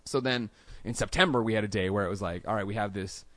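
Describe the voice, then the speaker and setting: A man's voice: on the low side, fast talker, fairly bright tone, dry recording. A man as a podcast guest, telling stories casually in a studio and acting out quoted lines in a raised voice. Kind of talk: casual storytelling interview.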